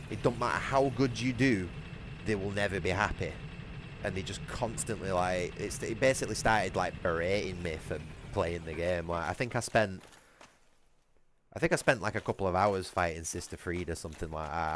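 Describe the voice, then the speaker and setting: A man's voice: sits low, background noise. A man with a Lancashire accent, chatting and swearing while streaming a video game. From England. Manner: sweary, ranting, frustrated. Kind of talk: casual livestream chat.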